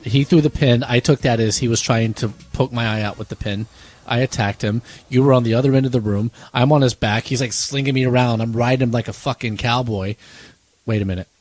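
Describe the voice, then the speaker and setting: A man's voice: mid-range voice, fairly even intonation, brisk, a little mellow. Blunt, teasing young man. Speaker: podcast co-host. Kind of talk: casual storytelling chat.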